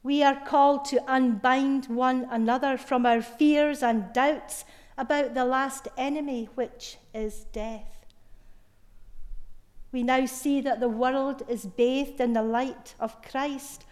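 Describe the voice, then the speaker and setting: A woman preaches slowly and deliberately, her voice sitting high, with heartfelt weight on key words. Her sermon rings out with a long, lingering reverb, as if in a large hall. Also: a little mellow. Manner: slow, measured retelling with emphatic, heartfelt stresses.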